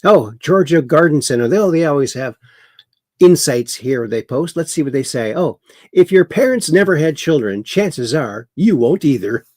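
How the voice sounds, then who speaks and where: A man's voice: on the high side, animated, moderate pace, a little mellow, no room sound, studio quality. A man hosting a livestream, reading viewer chat aloud and mocking the news with chuckles. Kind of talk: casual political commentary livestream. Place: home in Wisconsin.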